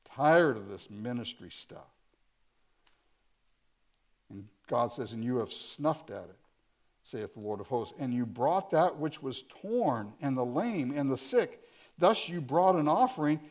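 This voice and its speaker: A man's voice: mid-range voice, lively intonation, a little slow. A man preaching a sermon, reading scripture aloud and explaining it with pointed, sarcastic asides.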